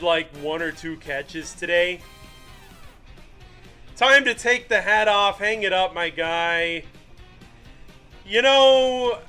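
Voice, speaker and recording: A young man streaming live fan commentary on a football game, self-mocking and excitable, ranting at his team and greeting chat. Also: high voice.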